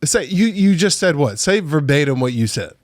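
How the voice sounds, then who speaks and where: Teasing, lively New podcast guy. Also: on the high side, normal speed, no room sound, clean studio sound. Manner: teasing, profane, laughs often. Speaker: podcast co-host. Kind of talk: casual banter.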